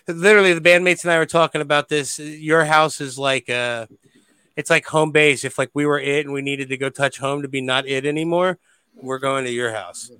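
A man's voice: fairly high pitch, fairly even intonation, moderate pace, sharp tone, clear, resonant tone, dry recording. A man hosting a podcast, chatting casually and affectionately, with frequent swearing and restarts. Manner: affectionate, rambling, profane. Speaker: podcast host. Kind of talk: casual chat.

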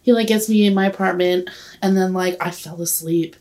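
A twenty-something woman appearing as a podcast guest speaks in a fairly low, mellow voice, steady in tone and brisk in pace. Her long story wanders in casual conversation, full of giggles and frequent "like"s.

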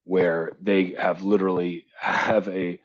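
Emphatic deep-voiced man ranting. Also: level tone, takes it slowly. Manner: ranting, emphatic, swears freely. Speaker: podcast co-host. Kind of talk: impassioned live audio chat. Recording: dull lo-fi online audio.

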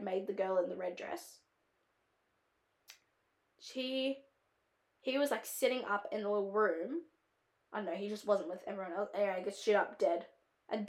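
In a mid-range voice, an Australian woman chats casually on her film-review podcast. Her talk rambles, is packed with "like," and keeps slipping into tangents, and the sound is reverberant.

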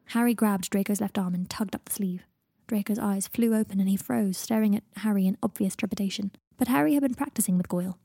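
A woman narrating a fan fiction audiobook in a hushed, intimate way, often near a whisper. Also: mid-range voice, quick pace, vocal fry, slightly rough, dry recording, clean studio sound.

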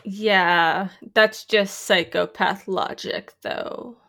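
A woman's voice: steady tone, drawn-out words, pushed and bright. Chatty woman podcast co-host. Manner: chatty, laughs often, jumps into high voices for quotes. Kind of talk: casual chat about a film.

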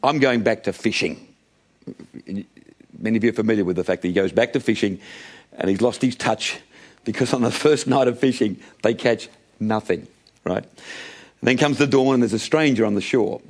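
A man's voice: lowish voice, a little fast, darkish tone. A middle-aged man preaching a sermon, calling his listeners friends and acting out the voices of Bible characters.

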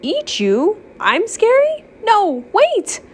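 A woman's voice: on the high side, big pitch swings, measured pace, slightly rough, exaggerated voice. A woman voicing a dramatic, misunderstood male waffle nobleman in a storybook read-aloud, stammering when upset.

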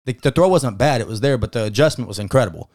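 Male sports-podcast co-host, mid pitch, heated and profane, casual chat. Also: lively intonation, fast, darkish tone. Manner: emphatic, profane, fired-up opinions.

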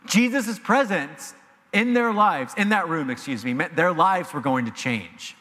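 A man preaching a sermon as pastor, animated and emphatic, in a church sanctuary with long reverb. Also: a little high, unhurried. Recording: long reverb of a large hall.

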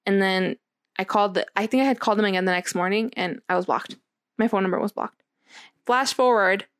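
A young woman casually telling a long personal story, acting out what was said with lively quoting. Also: medium pitch, fairly quick, clean tone, no echo, clean studio sound. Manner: animated storytelling, acts out quotes. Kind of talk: casual chat.

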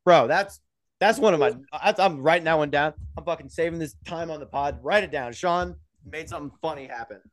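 A young man co-hosting a casual motorsport podcast, animated and quick to swear and laugh. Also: fairly high pitch. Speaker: podcast co-host. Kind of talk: casual chat.

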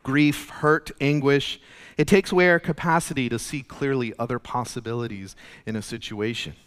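A man's voice: normal speed, clean tone. Man preaching in a reverberant hall. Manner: earnest, conversational preaching, drops soft and low for quoted lines. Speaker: pastor. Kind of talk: sermon. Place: church sanctuary. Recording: long reverb of a church hall.

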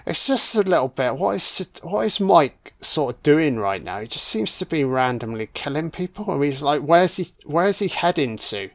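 A man's voice: on the high side, sing-song, moderate pace, few pauses. A man giving casual, crude commentary on a horror film, sarcastic and swearing nonstop as he mocks the characters.

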